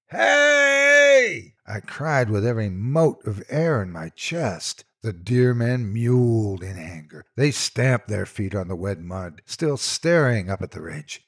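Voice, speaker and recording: A man with a husky, somewhat low voice reads a horror tale aloud in a dramatic storytelling style. His delivery is lively and swings widely in pitch, and it moves between hushed passages and loud bursts.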